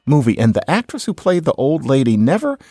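A man's voice: on the high side, a little fast, slightly rough, no echo. Middle-aged american guy explaining accents, chatty and wry, dry close mic. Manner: chatty, wry asides, lively intonation. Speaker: podcast host, linguist. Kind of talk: casual lecture with audio clips.

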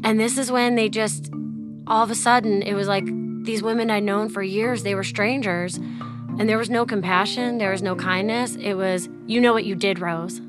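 A woman's voice: mid-range voice, fairly even intonation, normal speed, over music. A woman in her thirties telling a personal story in a casual, chatty way, acting out the dialogue and saying "like" a lot. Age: 30s. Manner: chatty, acts out quoted dialogue, heavy use of "like". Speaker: interviewee.

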